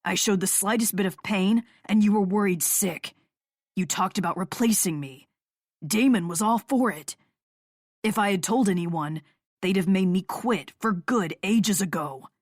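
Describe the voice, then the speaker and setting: A woman narrator voicing a bitter male rock musician in an audiobook, in a lower, flat, growling tone. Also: a little slow, dry recording, studio quality, lightly acted. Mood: angry. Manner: low, flat, growling delivery. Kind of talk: audiobook character voice.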